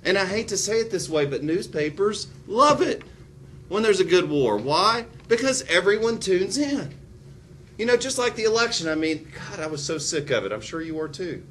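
A male history teacher giving an animated lecture with joking, sarcastic asides. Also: high-pitched, normal speed, a little hiss or hum. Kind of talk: classroom lecture.

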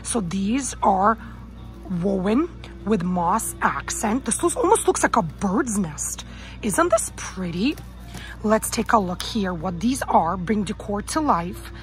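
A woman strolls through a store's garden center and narrates at an unhurried, slow pace, gushing over every item. She reads out labels and prices as she goes, over faint background music. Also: mid-range voice, lively intonation, rough recording. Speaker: vlogger. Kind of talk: shop-with-me store tour narration.

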